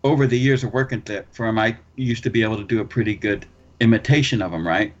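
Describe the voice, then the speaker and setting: A man's voice: fairly low pitch, fast talker. Rambling, swearing man on a lo-fi podcast. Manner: rambling storyteller, swears a lot, laughs mid-sentence. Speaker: podcast co-host. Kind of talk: casual chat.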